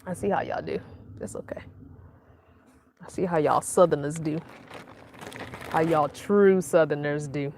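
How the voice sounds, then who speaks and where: A woman from Northern Virginia hosting a casual livestream, reading viewer comments aloud in a chatty, animated way and laughing often. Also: low voice, moderate pace, a little hiss or hum. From Northern Virginia, USA. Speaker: vlogger hosting a live chat.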